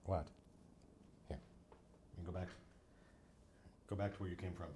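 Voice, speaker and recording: A man's voice: deep voice, steady tone, normal speed, mellow, slight background noise. A man hosting a casual livestream as game master, thinking aloud as he answers viewer questions and talks to his cat.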